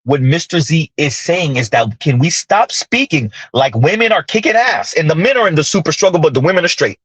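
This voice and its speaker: A millennial man with a high, light voice delivers a casual, ranting commentary full of sarcastic asides. He sounds close and dry, with no room around him. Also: expressive, fairly quick, a bit bright, husky, no echo. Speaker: commentary channel host.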